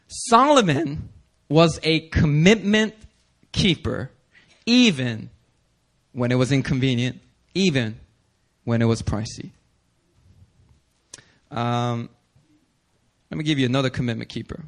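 A male pastor preaching a sermon, animated and casual, slipping into slang and acting out the characters in the passages. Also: measured pace, long pauses. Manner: animated, acts out scripture voices with big pitch swings.

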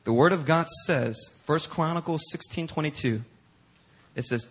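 A man preaches in a church, speaking to the congregation in a conversational, animated way. His voice sits a little high and has a husky, breathy grain. He acts out the stories as he tells them. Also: normal speed. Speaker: pastor. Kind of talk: sermon. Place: church sanctuary.

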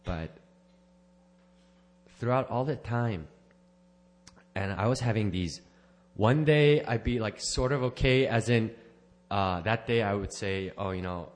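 A man with a fairly low voice tells his personal testimony to a church gathering. He rambles, restarts his sentences and corrects himself, and slips in small laughs. His delivery is unscripted and earnest. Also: animated, slow, pauses often. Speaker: church member giving a testimony.

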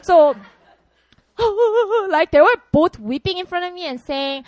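A young woman from South Korea, giving an animated personal testimony and laughing often. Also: very high voice, slow, no echo.

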